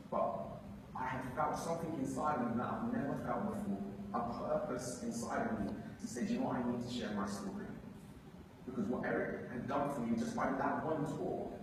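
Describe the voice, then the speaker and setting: A man's voice: medium pitch, noisy background. A young man from England with an English accent, telling his story as a live motivational speaker, acting out voices and stirring up the crowd. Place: large hall on stage. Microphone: far from mic. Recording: echoey hall, far from mic.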